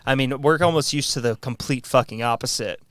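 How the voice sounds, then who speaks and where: A man's voice: medium pitch, fairly quick, a bit bright, dry recording, clean studio sound. A man co-hosting a podcast in a laid-back, casual chat, swearing now and then and running a trivia quiz. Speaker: podcast co-host.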